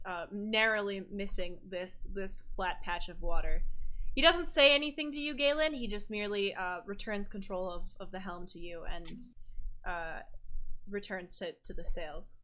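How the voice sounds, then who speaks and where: A woman's voice: mid-range voice, bright, forceful tone. A woman narrating a tabletop game as game master, hesitant and full of fillers.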